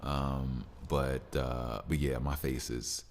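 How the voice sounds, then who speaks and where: This solo podcast host speaks slowly and with few pauses, his extremely low, somewhat mellow voice barely moving in pitch. He rambles casually and easily, often using fillers and starting sentences over.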